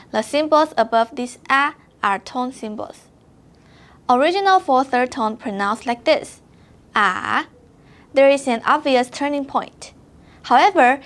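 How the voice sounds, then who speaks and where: Brief: woman language teacher with a high voice, careful and unhurried. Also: fairly bright tone. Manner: slow, careful modelling of each word. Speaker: Mandarin teacher. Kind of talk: pronunciation lesson.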